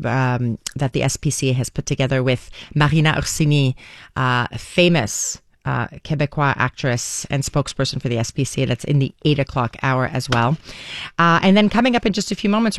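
A woman's voice: low voice, dry recording. A woman in her forties hosting a morning radio show, telling stories in a chatty, rambling way, recorded at a studio microphone. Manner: chatty, warm storytelling with many restarts and fillers. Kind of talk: casual talk radio monologue. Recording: dry studio sound.

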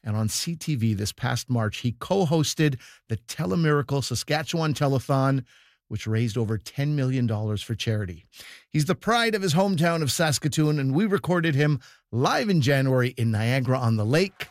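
A man hosting a comedy broadcast, reading smooth scripted introductions. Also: medium pitch, expressive, moderate pace, no room sound, clean studio sound. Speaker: radio comedy show host.

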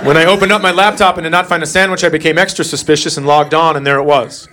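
A man's voice: on the high side, fast. A middle-aged man doing stand-up, telling a story about his son in a dry, sarcastic way. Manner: deadpan, sarcastic. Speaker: stand-up comedian.

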